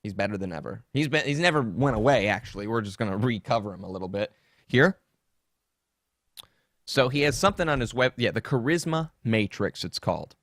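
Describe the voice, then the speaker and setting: Low-voiced man hosting a rambling podcast. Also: lively intonation, fairly quick, a bit bright, no room sound, clean studio sound. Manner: jokey, rambling, mocking. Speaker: podcast host. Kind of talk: casual rambling podcast chat. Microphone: desktop streaming setup.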